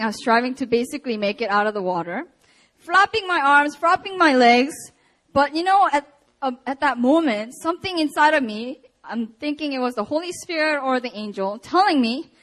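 A young woman preaching a sermon and telling a personal story, animated with laughs and acted-out quotes. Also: high-pitched, a little fast.

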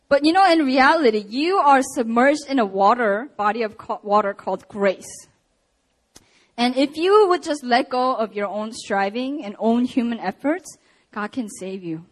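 Animated woman preaching a sermon. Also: high voice. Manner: animated storytelling with laughs and acted-out quotes. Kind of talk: sermon with personal story.

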